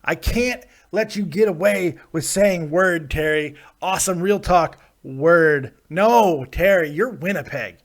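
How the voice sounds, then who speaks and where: A man's voice: sits high, unhurried, few pauses. Chatty man hosting a live show. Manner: rambling, self-deprecating, jokey. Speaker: host. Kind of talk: casual live-show talk.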